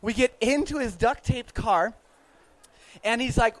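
A young adult man from the United States, with a high voice and measured pace, tells a travel story to a live audience. He's casual and animated throughout, stumbling through restarts and lots of "like"s. The sound is close and dry, with no room echo.

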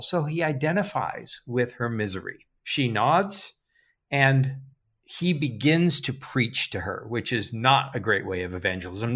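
A man hosting a casual book discussion, summarizing chapters and reading quotes with lively emphasis. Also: medium pitch, normal speed. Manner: relaxed, chuckling, reads quotes with animated emphasis.

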